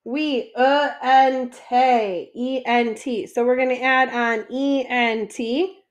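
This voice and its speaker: A woman's voice: on the high side, steady tone, slow, dull audio. A woman teaching a French lesson, patiently asking questions and then answering them herself. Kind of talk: classroom lesson explanation.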